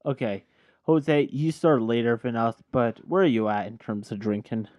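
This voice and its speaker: A man's voice: mid-range voice, moderate pace, no room sound. A tipsy man hosting a casual podcast chat, rambling and correcting himself as he goes. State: tipsy from drinking. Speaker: podcast host. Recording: dull lo-fi sound.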